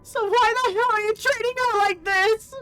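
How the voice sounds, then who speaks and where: A woman voicing a distraught young female fan over a game, shouting with her voice cracking into tears. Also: very high voice, animated, unhurried, soft background music, voice pushed up, exaggerated voice. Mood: tearful. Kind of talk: live English dub over a game.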